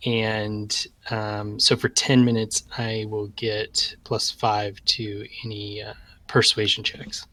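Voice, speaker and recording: Slow, halting man at a game table. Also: fairly low pitch, monotone, pushed and bright, no room sound. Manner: halting, hesitant, many fillers. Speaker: player. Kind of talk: casual tabletop play.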